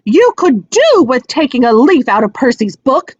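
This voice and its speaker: A woman reading aloud and voicing a fierce middle-aged mother witch who scolds her sons in a shrill tirade. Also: very animated, normal speed, dry recording, recorded from a distance. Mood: furious. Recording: dry, dull lo-fi sound.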